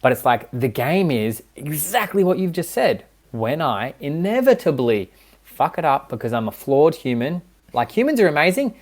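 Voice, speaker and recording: A man's voice: medium pitch, big pitch swings, moderate pace, a little mellow. A man speaking as a relationship coach and podcast guest, earnest and explanatory, often checking in with his listener. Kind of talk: casual podcast conversation.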